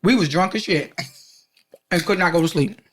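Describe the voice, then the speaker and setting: Animated woman telling a funny story. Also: lowish voice, moderate pace, a little hiss or hum. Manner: animated storyteller, swearing, acts out quotes. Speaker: podcast co-host. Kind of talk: casual chat, storytelling.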